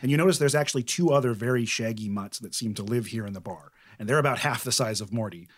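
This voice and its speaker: A man narrating as game master in a relaxed, chatty way, with plenty of fillers. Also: mid-range voice, quick pace.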